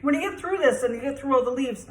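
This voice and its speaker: Young woman, home cook vlogger, fairly high voice, chatty and rambling, self-deprecating, recorded in an echoey kitchen. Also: quick pace, darkish tone. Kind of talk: casual cooking demonstration.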